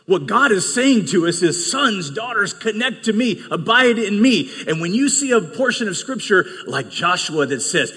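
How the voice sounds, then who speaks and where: A male pastor preaching an energetic sermon to his congregation, swinging between loud bursts and quieter teaching. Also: high voice, moderate pace, hardly any pauses, husky. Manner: animated preaching with bursts of shouting. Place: church sanctuary. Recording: long reverb of a large hall.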